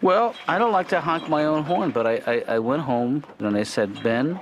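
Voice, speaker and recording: A man voicing a cartoon therapist, soft-spoken, deadpan, calm. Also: a little high, moderate pace, dull audio, lightly acted. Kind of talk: cartoon dialogue.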